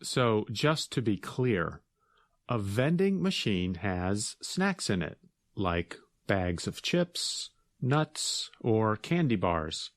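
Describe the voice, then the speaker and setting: Slow, low-voiced male English teacher. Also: big pitch swings, no echo, clean studio sound. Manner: deliberate, carefully enunciated. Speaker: podcast host, English teacher. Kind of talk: slow, clear teaching explanation.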